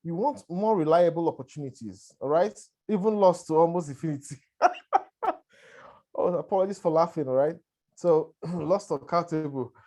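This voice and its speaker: A man's voice: on the high side, brisk, warm tone. A man with a lingering cough gives a conversational webinar presentation. He keeps checking in with listeners. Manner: conversational, repetitive, checks in with "all right" and "right". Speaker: presenter on a conference call.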